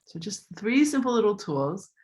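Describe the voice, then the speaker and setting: Animated woman coach giving voice tips. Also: mid-range voice, normal speed. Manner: animated, acts out voices as she demonstrates. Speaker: voice and communication coach. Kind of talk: live online talk giving tips.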